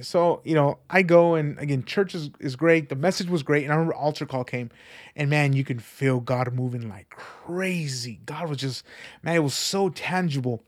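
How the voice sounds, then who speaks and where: A young man sharing a personal faith testimony in an earnest, animated, conversational way, often repeating himself. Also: fairly high pitch, normal speed. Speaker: church member sharing testimony.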